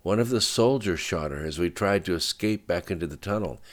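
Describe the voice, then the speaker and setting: A man's voice: low voice, expressive, brisk, pitched above the performer's own voice. An audiobook narrator voicing a nervous man who reports an attack.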